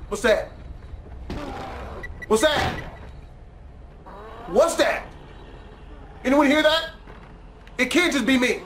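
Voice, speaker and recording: A man giving profane, excitable let's play commentary, trash-talking the game and yelling suddenly. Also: extremely high pitch, slow pace, long pauses, a little hiss or hum. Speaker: gamer.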